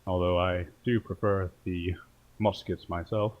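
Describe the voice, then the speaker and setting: Man as a quiet, humble brawler, low voice, tabletop game. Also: fairly even intonation, measured pace, narrow, tinny audio. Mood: modest. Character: modest male pugilist fighter.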